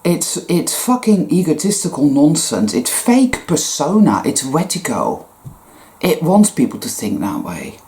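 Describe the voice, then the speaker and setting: A woman with a low, dark, mellow voice delivers a casual vlog monologue. She talks bluntly and sarcastically, with plenty of swearing, and her pitch swings widely as she makes her points. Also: sing-song, unhurried. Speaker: spiritual vlogger.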